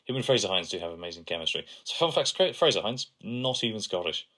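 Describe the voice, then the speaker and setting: A man's voice: fairly low pitch, big pitch swings, quick pace, pushed and bright. A young man co-hosting a podcast, sharing analysis and trivia in casual chat. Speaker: podcast co-host.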